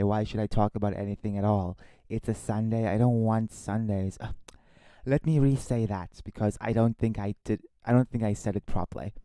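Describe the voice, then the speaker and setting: Male streamer, lowish voice, dry close mic; slow rambling complainer who corrects himself. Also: clear, resonant tone, dry recording. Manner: rambling, complaining, restarts and re-says lines; drops to a hushed voice at times. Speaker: livestreamer. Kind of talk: casual solo livestream chat. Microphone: own desktop microphone.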